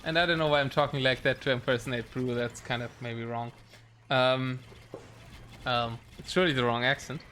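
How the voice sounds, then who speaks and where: A man casting a live esports match, excitable and rambling with plenty of fillers. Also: medium pitch, normal speed, a little hiss or hum. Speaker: game caster.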